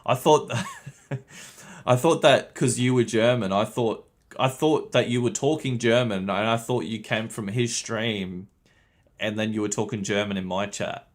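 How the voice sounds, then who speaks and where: A man's voice: lowish voice, fairly even intonation, measured pace. A young man streaming a game, chatting casually with his viewers, swearing and laughing often. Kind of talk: casual livestream commentary.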